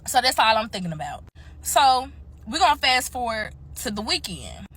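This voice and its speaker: A young woman telling a story to her viewers in a casual, animated way, swearing freely and talking straight to the audience. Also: a little high, normal speed, slightly rough. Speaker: storytime vlogger.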